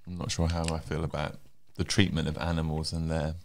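A man's voice: extremely low pitch, level tone, a little fast, a little mellow, a little hiss or hum. A man co-hosting a casual podcast, playful and teasing, laughing as he chats. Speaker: podcast co-host.

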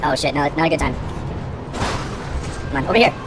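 A woman commenting on her gameplay, excitable, swearing and shouting at the game, with wry self-mocking asides. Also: sits low, fairly quick, music in the background. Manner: excitable, cursing and yelling at the game. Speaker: let's play gamer.

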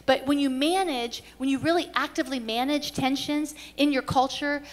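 A woman's voice: high-pitched, fairly quick, few pauses. A middle-aged woman pastor teaching at a conference, telling stories earnestly with frequent restarts. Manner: earnest storytelling with many restarts. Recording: reverberant hall.

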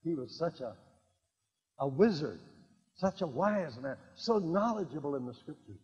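An older man preaching a sermon, swinging between quiet asides and loud emphatic declarations and repeating key lines. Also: fairly high pitch, lively intonation, moderate pace, slightly rough. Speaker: evangelist. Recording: dull lo-fi recording in a reverberant hall.

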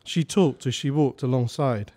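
A man reading his short story aloud at a live salon, narrating at a steady, measured pace. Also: mid-range voice.

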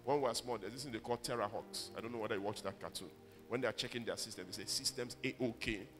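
A man's voice: lowish voice, steady tone, very fast, long reverb tail, music in the background. A man preaching a sermon, emphatic and calling on the congregation to repeat his words. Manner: emphatic, rises to loud exhortation. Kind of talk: sermon with call-and-response.

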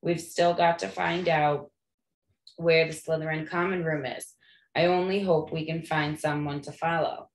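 A woman reading aloud voices a brisk, practical teenage boy wizard. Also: low-pitched, steady tone. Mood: urgent. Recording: echoey room.

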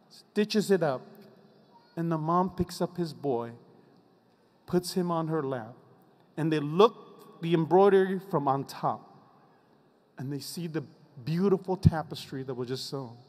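Guy with a high voice doing a graduation speech, echoing around a big venue, leans hard on the repeated lines. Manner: emphatic, drops low on repeated refrains. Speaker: commencement speaker. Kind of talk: inspirational commencement speech. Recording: long reverb of a large venue.

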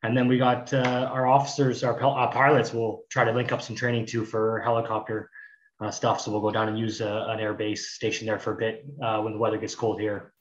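A man's voice: lowish voice, a little fast, a little hiss or hum. Man, casual rambling talk, from Canada, roomy echo, dull lo-fi audio. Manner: relaxed, rambling with many fillers. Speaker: guest, search and rescue technician. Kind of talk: casual conversation.

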